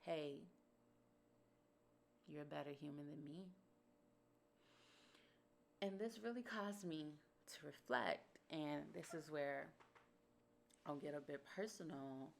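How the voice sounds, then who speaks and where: A woman's voice: low-pitched, slow pace, creaky, pauses often, a little hiss or hum. A woman hosting a podcast, talking through a personal reflection in an earnest, emphatic way and repeating phrases for stress. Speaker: podcast host.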